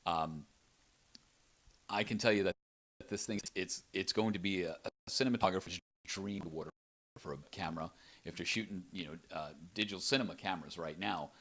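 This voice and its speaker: A man's voice: deep voice, a little fast, fairly bright tone. A man, an inventor, talking casually and enthusiastically about his product in an interview, rambling with restarts, recorded in an apartment.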